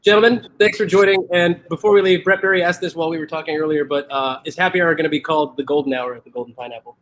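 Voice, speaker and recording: A man's voice: a little high, fairly even intonation, fast, a bit bright. A man hosting a casual live drinks chat, joking and laughing often. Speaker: host. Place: makeshift bar space without power.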